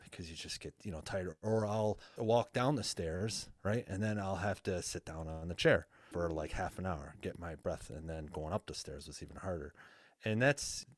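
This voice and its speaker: Deep-voiced earnest coach, plain-spoken. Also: male voice, moderate pace, dry recording. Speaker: guest coach. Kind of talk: casual podcast interview.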